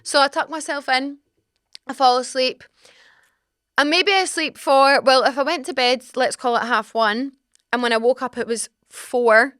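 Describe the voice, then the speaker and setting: Young Scottish woman, podcast host, lively and frank teller, slightly high, very dry close studio mic. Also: moderate pace, clean tone, no echo. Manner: animated, dramatic, swearing, frank. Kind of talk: casual storytelling.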